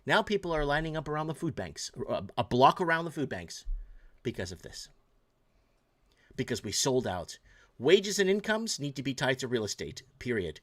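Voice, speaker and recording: A man's voice: medium pitch, sing-song, moderate pace, a bit bright. Fired-up ranting male talk host. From Portugal. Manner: heated, ranting, emphatic; reads out viewer messages. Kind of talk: late-night call-in show monologue.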